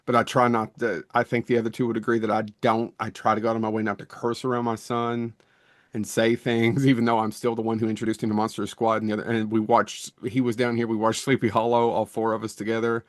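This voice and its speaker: A man's voice: lowish voice, completely flat delivery, fast, no echo, clean studio sound. A middle-aged man co-hosting a podcast, talking in a rambling, self-deprecating way that often restarts mid-thought. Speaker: podcast co-host. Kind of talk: casual chat.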